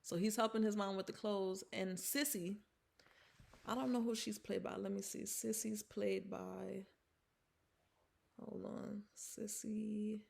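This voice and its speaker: Gravelly-voiced woman recapping a film. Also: mid-range voice, fairly even intonation, takes it slowly, a little mellow. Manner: chatty retelling with fillers and restarts; acts out the characters' lines while retelling. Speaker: film reviewer. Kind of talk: casual film recap vlog.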